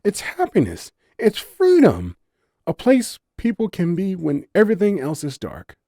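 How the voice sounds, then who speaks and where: A man's voice: sits high, very animated, a little slow, warm tone, no room sound, studio quality, pitched above the performer's own voice, full character voice. A man voicing a curious, bubbly young female forest fawn spirit in an audiobook story, eager and wide-eyed.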